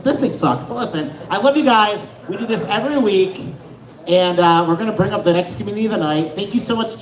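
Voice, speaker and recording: A man doing a crude, rambling stand-up set in a club. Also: high-pitched. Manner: animated, rambling, crude jokes. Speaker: stand-up comic. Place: comedy club on stage. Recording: echoey lo-fi club.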